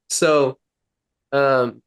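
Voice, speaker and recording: A young man, a podcast guest, telling his own story candidly, with halting restarts. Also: mid-range voice, clean tone, dry recording. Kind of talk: personal storytelling.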